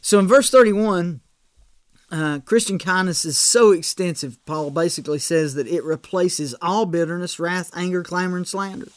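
A man with a high-pitched voice preaches a conversational sermon, checking in with the room with quick asides and restarting his phrases. The sound is dry and close, with no room echo. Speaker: pastor.

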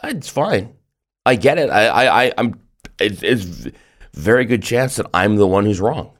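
Joking man with a lively voice. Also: lowish voice, moderate pace. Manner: joking, stammering restarts. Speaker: podcast host. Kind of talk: casual chat.

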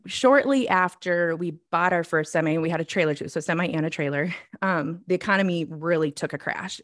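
A woman's voice: lowish voice, dry recording, clean studio sound. A woman in her forties co-hosting a casual faith podcast, chatty and laughing often, a little out of breath. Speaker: podcast co-host.

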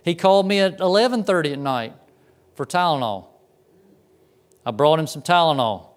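Pastor guy, chatty sermon storytelling, kinda high voice, stumbles and repeats words. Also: expressive, normal speed. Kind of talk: sermon with personal stories.

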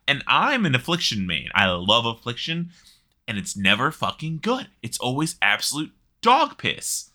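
A man co-hosting a relaxed gaming podcast, talking in a lively, swinging voice that sounds very bright and forceful. He is chatty and swears freely. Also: mid-range voice, moderate pace. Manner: animated, chatty, swears casually. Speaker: podcast co-host. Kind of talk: casual gaming chat.

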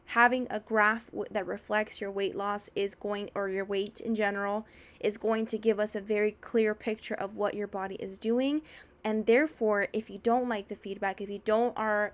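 A woman's voice: medium pitch, fairly even intonation, normal speed, a bit bright. A young adult woman hosting a podcast, talking casually and energetically about fitness, often acting out a client's inner voice. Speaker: podcast host and fitness coach. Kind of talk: casual advice monologue.

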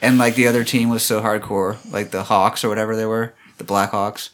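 A man's voice: on the low side, flat delivery, a little fast, a bit bright. A man in a laid-back casual chat among friends, often calling them dude.

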